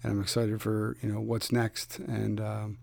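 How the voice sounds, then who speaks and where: A man's voice: on the low side, monotone, unhurried, creaky, darkish tone. A man from Philadelphia hosting a podcast, chatting casually with a guest, laid-back and rambling with lots of fillers and restarts. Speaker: podcast host. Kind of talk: casual interview chat.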